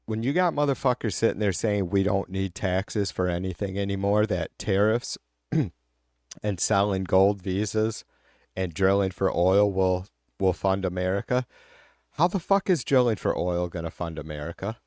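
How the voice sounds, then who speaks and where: Brief: male live-stream host, low voice, dry close sound, heated and profane. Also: normal speed, darkish tone, dry recording. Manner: blunt, heated, swears often. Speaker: live stream host reading viewer comments. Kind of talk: casual profane political rant.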